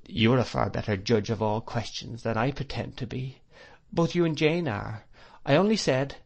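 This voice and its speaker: A man's voice: mid-range voice, lively intonation, normal speed, voice pushed up. A man voicing a meek, apologetic young mother in an audiobook. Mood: timid pleading. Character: timid gentle young mother.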